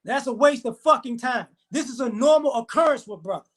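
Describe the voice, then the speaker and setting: Pitched extremely high and a bit bright, a man rants his way through a story for the camera. He curses frequently, races through the retelling, and performs the quoted lines of the people in it.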